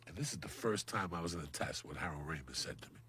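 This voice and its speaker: Gravelly, profane male storyteller. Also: very deep voice, lively intonation, fast, bright, forceful tone. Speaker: guest comedian. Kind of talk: storytelling on a podcast.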